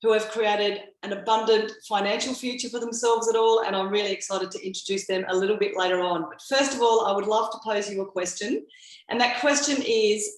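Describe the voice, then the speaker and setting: An Australian woman in her fifties, hosting an event and giving an upbeat motivational talk straight to her audience. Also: mid-range voice. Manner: upbeat, addresses the audience directly. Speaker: event host. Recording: roomy, echoey sound.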